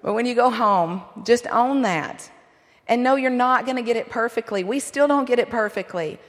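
A middle-aged woman giving a sermon-style talk to a men's conference, earnest and encouraging, with lively asides. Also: a little high, moderate pace. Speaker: pastor's wife speaking at a men's conference. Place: large hall. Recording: long hall reverb.

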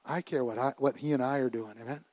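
A middle-aged man preaching a sermon as pastor, animated and laughing often, dropping to a hush and then rising loud, often repeating his words. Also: mid-range voice, fast, no room sound.

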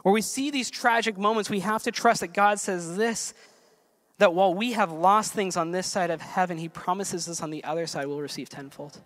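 A man's voice: high-pitched, moderate pace. Earnest male pastor preaching a sermon. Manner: earnest, builds to emphatic peaks then drops soft.

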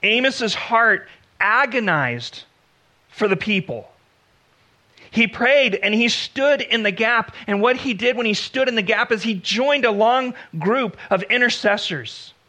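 A male pastor delivers a sermon with a high, bright, forceful voice. He speaks earnestly, drawing out key phrases and dropping to a hush before lifting again for emphasis. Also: expressive. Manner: earnest preaching, slows for emphasis, acts out biblical dialogue.

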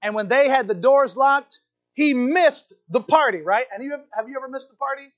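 A man preaching a sermon in a church, animated and playful, often checking in with the crowd with "right?". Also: very high-pitched, moderate pace, highs cut off. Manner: animated, playful asides, keeps asking "right?". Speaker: pastor. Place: church hall.

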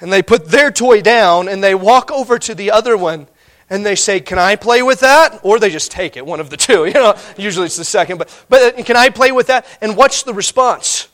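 High-voiced animated male pastor. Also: a little fast. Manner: conversational, animated, laughs often. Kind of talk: sermon.

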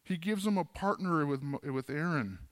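A man preaching in a relaxed, conversational way, slipping into modern paraphrases of the characters as he retells the story. His voice sits a little higher than most men's, and the recording is close and dry with no room sound. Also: normal speed, no echo. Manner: conversational, acts out biblical dialogue in plain modern speech. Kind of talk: casual sermon teaching.

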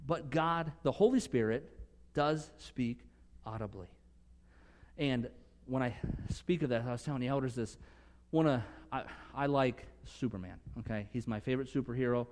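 A man preaching a sermon earnestly, swinging from emphatic conviction to soft, hushed moments. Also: on the high side, big-room sound. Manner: earnest, rising to emphatic conviction, dropping to soft near-whispers. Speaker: pastor.

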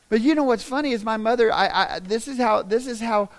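A male pastor delivering a sermon as a humorous, conversational story that builds into loud, emphatic stretches. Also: extremely high pitch, quick pace, hardly any pauses.

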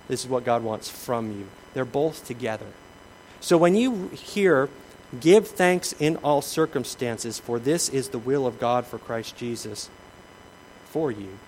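A man preaching a sermon, shifting between lively emphasis, acted-out quotes and quiet asides. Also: mid-range voice, a little hiss or hum, low-quality recording. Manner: animated preaching, acts out quoted voices, drops to soft asides. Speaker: pastor.

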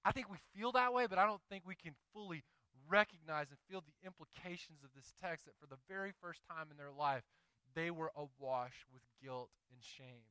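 A man with a Southern accent preaching a sermon in an animated, conversational way, slipping into quick acted asides. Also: fairly high pitch, smooth, no room sound, rough recording. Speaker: pastor.

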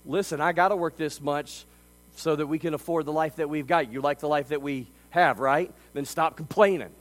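Preacher guy doing a cranky tired dad yelling, a bit higher voice. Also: normal speed, big-room sound, close to an everyday voice. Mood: irritated. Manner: snapping and shouting. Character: overworked, irritable father, middle-aged man.

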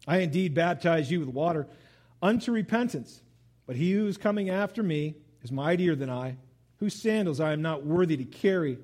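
Lively high-voiced man preaching. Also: normal speed. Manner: animated, conversational preaching with asides and laughs. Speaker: pastor. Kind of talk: sermon.

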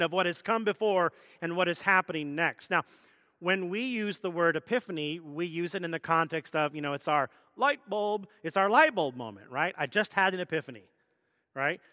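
A man's voice: high-pitched, normal speed, sharp tone, dry recording, studio quality, big-room sound. A man preaching a sermon as pastor, teaching in a conversational way with self-deprecating jokes.

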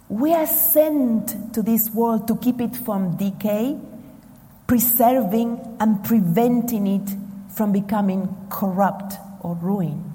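A woman from Argentina preaching a sermon, slow and emphatic with dramatic pauses, in a church hall. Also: medium pitch, dark tone. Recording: long hall reverb.

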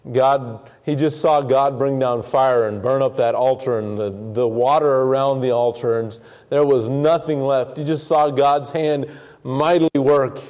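A man preaches a Bible lesson in a relaxed, conversational way. His voice is mellow and sits in a middle pitch. He often repeats a word as he goes and briefly acts out the complaining voices in the passage. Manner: conversational, repeats words, dramatizes quotes. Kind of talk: sermon, Bible study teaching.

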